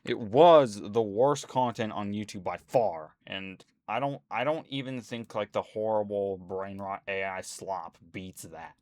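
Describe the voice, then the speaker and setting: A man's voice: on the low side, unhurried, hardly any pauses, a little mellow, dry recording. A man at home, rambling indignantly as a YouTuber in casual ranting commentary, full of fillers.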